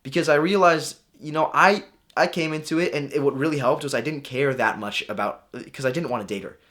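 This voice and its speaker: Young man, casual storyteller, slightly high voice, animated, acts out his thoughts. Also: fairly quick. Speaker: vlogger.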